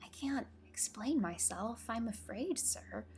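A woman's voice: fairly high pitch, animated, takes it slowly, a little mellow, a little hiss or hum, voice pushed up. A woman doing a shy, polite young girl. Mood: shy, earnest. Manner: hesitant, polite and earnest.

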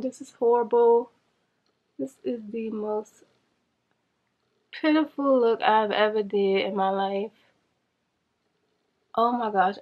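A woman chatting to viewers in a casual makeup challenge vlog, flustered and rushing against a timer. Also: a little high, lo-fi sound. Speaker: beauty vlogger.

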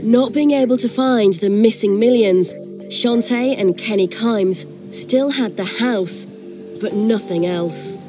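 A woman reading scripted documentary narration in a measured, even delivery. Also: fairly high pitch, music in the background.

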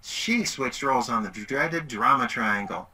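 A man's voice: medium pitch, a little slow, husky, poor audio. A middle-aged man giving a webinar presentation, telling a story animatedly. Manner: animated, acts out quoted voices.

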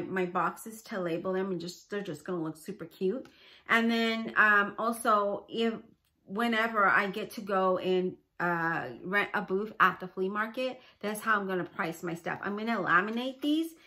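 A woman's voice: medium pitch, sharp tone. A middle-aged woman chatting casually about her handmade crafts, rambling and enthusiastic with lots of fillers. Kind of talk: casual chat.

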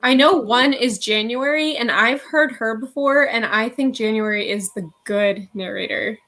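A woman chatting casually over a video call as host of a live reading sprint, animated, swearing and laughing often. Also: on the high side, normal speed. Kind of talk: casual chat.

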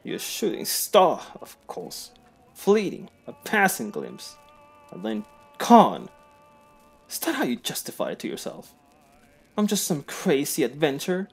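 A man's voice: high-pitched, sing-song, measured pace, vocal fry, long pauses, husky, soft background music, pitched above the performer's own voice, exaggerated voice. A man voicing a flamboyant male adventurer, theatrical and flirtatious, who calls everyone darling. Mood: pleading.

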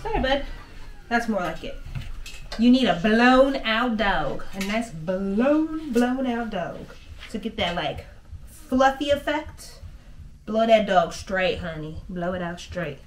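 A woman's voice: on the high side, expressive, slow pace, a little hiss or hum. A woman vlogging casually while grooming her dog, chatting to her viewers and her pet. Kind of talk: casual chat to camera. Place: inside a converted bus.

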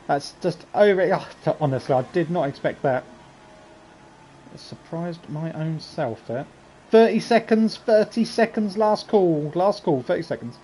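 Male streamer, high voice, excitable live commentary over loud game engine noise. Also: unhurried, low-quality recording. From England. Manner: excitable, chatty, cries out at crashes. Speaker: sim racing streamer.

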